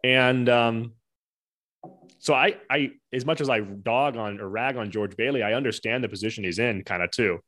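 A man's voice: medium pitch, moderate pace, a bit bright, no echo. A man guesting on a casual podcast, talking in a rambling way with many restarts and frequent "you know". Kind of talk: casual chat.

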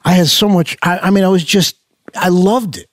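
A man's voice: sits high, normal speed, no echo, clean studio sound. An older man, a musician being interviewed, telling stories in a loose, rambling way with many fillers and restarts. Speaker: musician guest. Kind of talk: casual storytelling interview.

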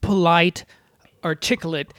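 A man co-hosting a casual podcast chat, agreeable and halting, often restarting his sentences. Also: on the high side, fairly even intonation, a bit bright. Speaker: celebrity blogger and podcast co-host.

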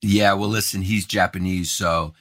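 Bright-voiced joking male co-host. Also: low-pitched, fairly even intonation, moderate pace. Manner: joking, puts on silly voices and teasing bits. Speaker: podcast co-host. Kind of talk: casual chat.

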